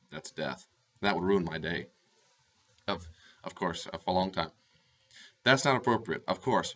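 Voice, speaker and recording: A life coach speaks to camera with earnest advice, his very low voice carrying a bright, forceful edge. He repeats phrases for emphasis, and the audio is slightly dull and lo-fi.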